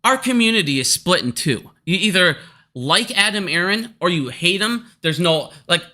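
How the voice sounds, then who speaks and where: A man delivers a heated, profane market rant straight at his audience. His voice sits high and has a bright, sharp edge. He argues hard and swears constantly without letting up. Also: lively intonation, moderate pace. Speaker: stock market commentator. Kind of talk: angry ranting vlog.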